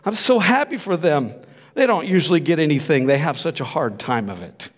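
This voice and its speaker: A man's voice: on the high side, animated, a little fast, in a large hall. A man doing a chirpy, puzzled woman. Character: naive woman in a film crowd, mishearing.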